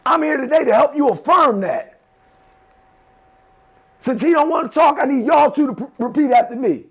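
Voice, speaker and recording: Speaking in a very high, expressive voice with a fairly bright tone and moderate pace, a man motivates a class of teenagers. He is emphatic and repetitive, leading them through call-and-response affirmations.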